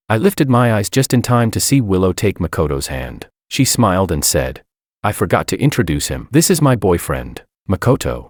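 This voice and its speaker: A man reads a dramatic first-person story in an earnest, heartbroken way. His voice is deep and very low, yet his intonation rises and falls freely. The recording is dry and close, with no trace of the room. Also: a little mellow, dry recording. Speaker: narrator.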